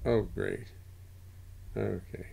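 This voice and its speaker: Older guy rambling on his livestream, raspy, gravelly low voice. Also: fairly even intonation, extremely slow, dark tone. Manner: rambling, self-interrupting, chatty. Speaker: livestream host. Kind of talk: casual chat.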